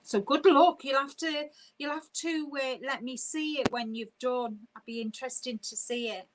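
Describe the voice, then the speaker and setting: A woman hosting a casual live stream, chatty and quick to laugh as she reads viewer comments aloud. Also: high-pitched, flat delivery, background noise.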